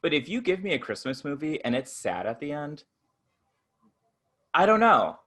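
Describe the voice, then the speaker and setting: A man co-hosting a podcast in casual chat, gushing and animated, breaking into laughter. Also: fairly high pitch, normal speed. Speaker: podcast co-host.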